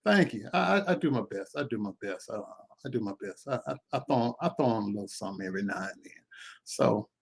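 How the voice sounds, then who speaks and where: A man hosting a live commentary stream in a casual, animated way, with churchy exclamations and repeated phrases. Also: lowish voice, a little fast, gravelly, husky.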